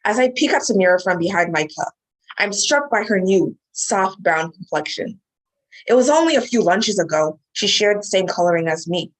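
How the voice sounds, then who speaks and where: A woman's voice: medium pitch, expressive, moderate pace, poor audio. A woman reading a reflective first-person prose passage aloud. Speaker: student performer.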